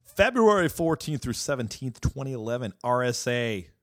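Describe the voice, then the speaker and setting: A man's voice: medium pitch, sing-song, moderate pace, no echo. Brief: male podcast co-host, jokey, dry close-mic sound. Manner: joking, playful asides, trails off quietly. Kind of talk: casual tech podcast chat.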